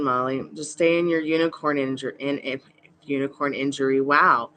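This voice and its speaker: A woman's voice: very deep voice, fairly even intonation, moderate pace, a bit bright. A woman hosting a live tarot reading stream, chatty and reassuring as she greets viewers by name. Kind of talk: casual live-stream chat.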